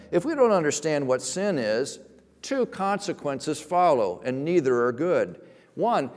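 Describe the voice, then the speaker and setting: A man with a slightly high voice preaches a sermon, his delivery swinging between loud, stretched-out emphasis and soft asides. His words ring on in the long reverb of a large hall. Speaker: pastor.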